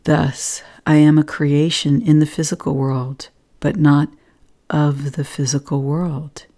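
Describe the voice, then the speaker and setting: Low, mellow-voiced woman. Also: little pitch movement, takes it slowly. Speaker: spiritual vlogger. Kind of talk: spiritual talk and personal storytelling.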